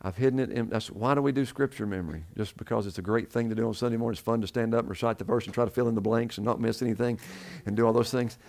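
A man preaching a Bible sermon from the pulpit of a church, at an everyday middle pitch. He poses questions to the congregation and then answers them himself. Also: racing, hardly any pauses, darkish tone. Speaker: pastor.

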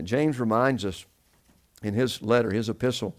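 A man's voice: fairly low pitch, normal speed. A man preaching a sermon to his congregation, asking them questions and answering them himself. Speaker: pastor.

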